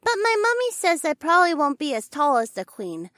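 A woman's voice: high voice, wildly swooping pitch, a little fast, a bit bright, no room sound, clean studio sound, heavily acted. A spoiled, sing-song little girl. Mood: chirpy. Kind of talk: audiobook character voice.

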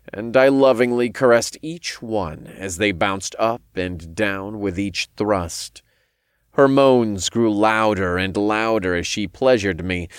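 Low-voiced man narrating a story. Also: no echo, studio quality. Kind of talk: scripted first-person story narration.

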